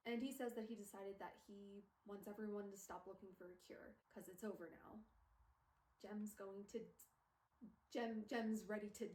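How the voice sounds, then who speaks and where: A woman's voice: mid-range voice, steady tone, normal speed, darkish tone, reverberant, slight background noise, poor audio. A woman streamer recapping a book in casual chat, gushing and emotional, peppering her talk with "like", recorded on a phone. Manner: gushing, emotional, filler-heavy with "like". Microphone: phone camera.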